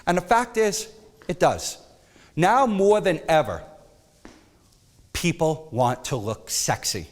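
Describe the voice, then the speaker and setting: A man teaching a photography workshop, emphatic and animated, sometimes dropping to a soft coaxing tone. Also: a little high, slow pace, big-room sound. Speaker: photography instructor.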